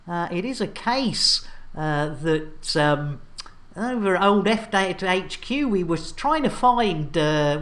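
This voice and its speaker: Animated woman streamer. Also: medium pitch. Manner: animated, chatty, full of fillers and thank-yous. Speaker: game streamer. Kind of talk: casual live-stream chat.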